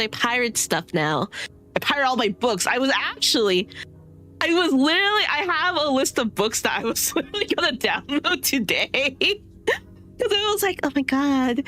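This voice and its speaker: A woman's voice: sits high, fairly bright tone. A young woman streaming a game, chatting casually and rambling with lots of filler words and laughs. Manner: chatty, giggly, rambling with many "sort of" and "like" fillers. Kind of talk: casual gameplay commentary.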